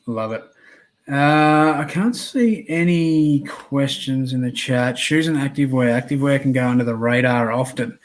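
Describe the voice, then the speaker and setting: This Australian man hosting a casual livestream interview has a mid-range voice and an unhurried delivery. He rambles in an easygoing way, peppering his speech with ums and uhs.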